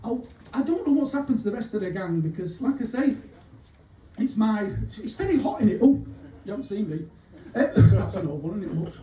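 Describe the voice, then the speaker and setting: In a pub gig stand-up set, a man plays a cheeky, aging small-time thief from Manchester, rambling with curses and asides in a mellow voice. Pitched high, he's very animated and brisk, picked up far from the mic in an echoey room with faint hubbub and a little hiss or hum.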